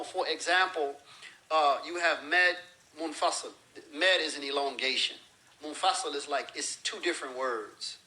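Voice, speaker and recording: This is a low-quality recording of a male religious teacher lecturing in a bright, rather high voice. To explain his points, he uses everyday examples and performs brief phrases along the way.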